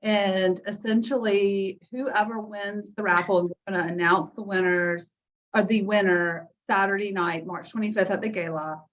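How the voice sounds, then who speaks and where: Guest: chatty woman on a lo-fi call line, mid-pitched, tells stories with asides. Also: fairly even intonation, moderate pace. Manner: chatty, storytelling with quoted asides. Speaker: guest, health care foundation director. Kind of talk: casual video call chat. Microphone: video call. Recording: dull lo-fi call audio.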